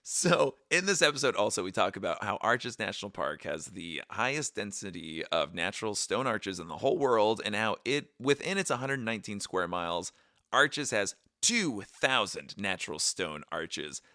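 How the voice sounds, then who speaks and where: A man with a hoarse, raspy voice co-hosts a podcast, joking around in a loose, playful chat. His pitch swings widely and his tone is bright. The sound is dry and close. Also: big pitch swings, normal speed, no echo. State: hoarse, raspy voice after shouting at camp. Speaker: podcast co-host.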